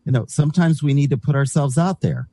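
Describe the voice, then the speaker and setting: A man's voice: on the high side, quick pace, mellow, no room sound. A man co-hosting a Christian talk radio show, chatting earnestly and answering his own questions. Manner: earnest and emphatic, asks himself questions and answers them. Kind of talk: casual radio chat.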